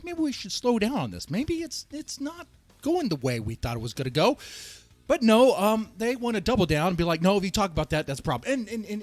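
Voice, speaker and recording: Heated, emphatic ranting man. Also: fairly high pitch. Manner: heated and emphatic, rising to shouts, with repeats and restarts. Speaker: host of a reaction and rant channel. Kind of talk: ranting political commentary.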